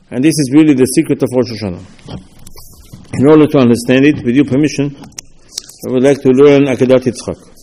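Animated rabbi teaching in a reverberant hall. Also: male voice, mid-range voice. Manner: animated, arguing both sides in rhetorical questions. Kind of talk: Torah lecture.

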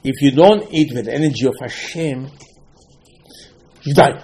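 A man's voice: mid-range voice, normal speed, dark tone, a little hiss or hum. Man giving an emphatic Torah class. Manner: emphatic, repetitive, asks and answers his own questions; non-native English phrasing. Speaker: Torah teacher.

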